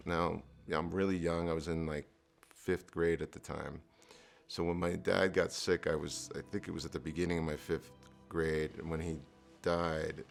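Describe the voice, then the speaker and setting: A middle-aged man from New Jersey, USA, speaks with an extremely low pitch and vocal fry. He's an entrepreneur guest earnestly telling his life story in an interview, with fillers and restarts.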